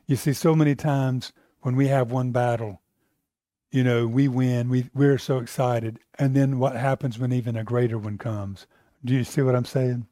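A man's voice: medium pitch, dark tone, no room sound, clean studio sound. An American man teaching a Bible class, asking the room questions and repeating himself as he builds his points.

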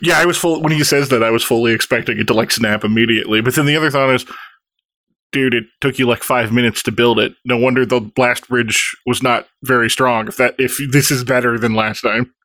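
A man's voice: medium pitch, steady tone, a little fast, fairly bright tone, no echo. A man chatting casually about a shared video game, laughing often and adding jokes. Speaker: podcast co-host. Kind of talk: casual chat.

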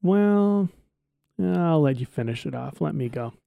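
A man co-hosting a casual podcast, rambling and relaxed, swearing now and then. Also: a little high, unhurried, gravelly, dry recording, narrow, tinny audio. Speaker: podcast co-host.

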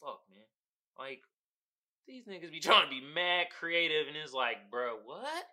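Podcast guy riffing on a movie, cussing and slangy, super bright sharp voice, pitch jumping up and down. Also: unhurried. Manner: animated, profane slangy storytelling; laughs often, acts out voices of people in the story. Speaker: podcast host. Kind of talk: casual comedic podcast monologue.

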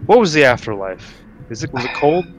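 Guy playing a tabletop game, animated voice, rambles and restarts a lot. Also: medium pitch, a little fast, slight background noise. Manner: rambling, repeats himself while deciding actions. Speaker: player. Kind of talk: casual tabletop play.

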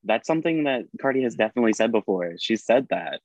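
A man's voice: on the low side, expressive, fast, darkish tone, no room sound. A man from the United States co-hosting a podcast, chatting casually, agreeable and laughing often. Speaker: podcast co-host. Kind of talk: casual chat.

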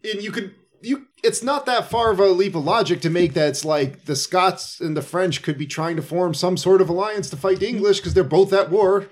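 A man's voice: high voice, normal speed, few pauses. A man in casual chat, rambling through a movie plot with fillers and acted-out quotes. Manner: rambling, filler-heavy, acts out characters' lines.

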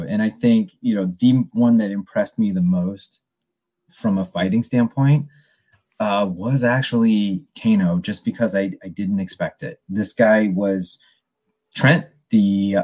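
A man's voice: on the low side, darkish tone. A man in a casual movie review chat, rambling with many restarts.

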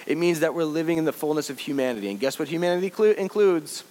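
Man preaching, from booming to hushed. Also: animated, quick pace, low-quality recording. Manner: swings from loud exhortation to soft reflection; conversational storytelling with fillers. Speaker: pastor. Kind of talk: sermon.

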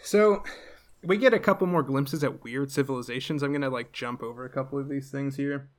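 A man's voice: mid-range voice, a little fast. A man recapping a cartoon episode in casual podcast chat, rambling with many fillers and laughing often. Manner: rambling, laughs often, puts on silly voices.

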